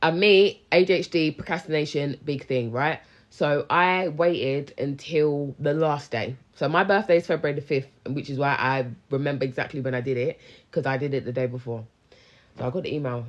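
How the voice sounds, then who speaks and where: Here a young business coach chats on a handheld phone live stream, her low-pitched voice moving at a normal speed over lo-fi sound. She's lively and casual, slangy, and addresses her audience head-on.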